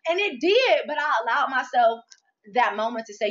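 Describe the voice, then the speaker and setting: A woman talking candidly about faith and frustration, animated and expressive, acting out her inner dialogue. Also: high-pitched, normal speed, highs cut off. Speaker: guest, merch business owner.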